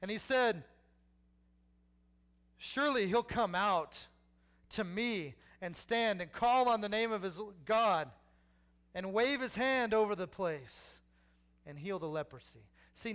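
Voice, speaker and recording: A man's voice: high-pitched, animated, unhurried, a bit bright. A man, preaching a sermon with humor, repeating key lines and acting out people in the story. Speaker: pastor.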